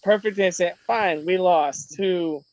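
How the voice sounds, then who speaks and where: A man chatting as a guest on a live stream, rambling and halting, with lots of restarts. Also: high voice, no room sound, rough recording. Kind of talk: casual stream chat.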